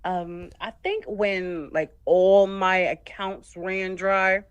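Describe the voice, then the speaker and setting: A woman's voice: medium pitch, steady tone, takes it slowly, clear, resonant tone, no echo, dull audio. A woman from Connecticut, a voiceover artist, telling candid stories as a guest in a casual radio interview. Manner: candid storytelling, acts out her own thoughts.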